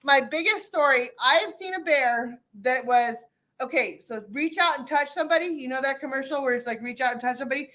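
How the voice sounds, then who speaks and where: A middle-aged woman hosting a casual chat, telling an animated story with many restarts and fillers. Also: high-pitched, fairly quick. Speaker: host.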